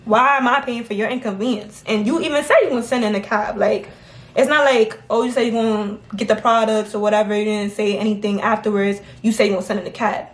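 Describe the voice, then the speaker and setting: A woman telling a story in casual chat, animated and laughing as she acts out what others said. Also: medium pitch, fast talker. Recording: echoey room.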